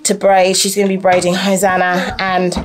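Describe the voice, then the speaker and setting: A mother, chatting casually to camera as the host of a family vlog, animated and a little breathless from blow drying. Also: medium pitch, moderate pace. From United Kingdom. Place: family home, indoors. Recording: noisy home recording.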